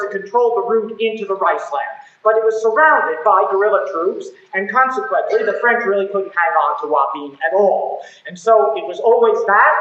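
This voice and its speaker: A man giving a university history lecture, telling the story with emphasis and wry, ironic asides. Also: high voice. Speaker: history professor. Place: large lecture hall. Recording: echoey lo-fi 1970s lecture tape.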